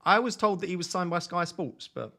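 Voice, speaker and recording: A man's voice: high-pitched, animated, fairly quick, vocal fry, sharp tone. Jokey self-mocking male streamer. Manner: jokey, self-mocking, reads chat aloud. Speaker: fantasy football streamer. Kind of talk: live stream chat reading. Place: home at night.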